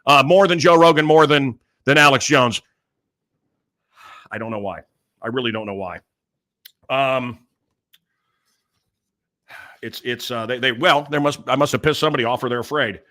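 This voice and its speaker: A talk show host delivers a loose, rambling monologue, hopping between topics and using plenty of fillers. His mid-range voice moves at normal speed with long pauses and sounds pushed and bright.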